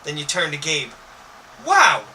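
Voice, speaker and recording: A man reading a children's horror book aloud on a live stream, in a lively, playful way. His voice is high and very bright. He sits back from the mic, with faint background noise. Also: measured pace, recorded from a distance, rough recording.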